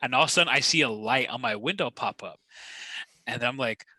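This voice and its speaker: A man's voice: medium pitch, brisk, sharp tone, slightly rough, dry recording. A young man co-hosting a podcast, telling a profane story in casual chat with frequent laughter. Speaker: podcast co-host.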